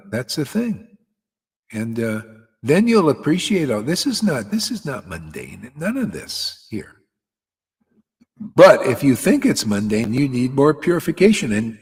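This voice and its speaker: A man's voice: a little high, breathy edge. Blunt, cussing preacher man in a hall. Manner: blunt, profane, emphatic preaching with laughs. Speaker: spiritual teacher. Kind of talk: informal devotional sermon.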